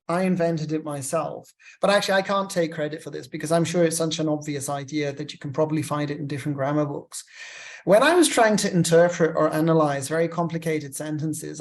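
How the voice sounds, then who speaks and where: A lecturer walks through legal writing rules, reading example sentences aloud and naming every comma and quotation mark. The delivery is methodical, with friendly asides to the students in a mid-pitched voice. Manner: explains step by step, reads examples aloud with punctuation.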